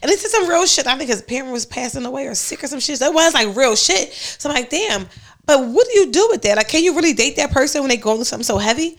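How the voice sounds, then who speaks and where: A young woman hosting a podcast, telling loud, laughing stories in casual chat and acting out the people she quotes. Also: high voice, animated, quick pace. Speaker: podcast host.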